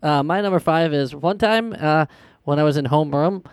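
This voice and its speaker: A man's voice: on the high side, moderate pace, smooth, dry recording, clean studio sound. A man on a podcast, telling a school story in a blunt, plain way. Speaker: podcast co-host. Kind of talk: casual storytelling chat.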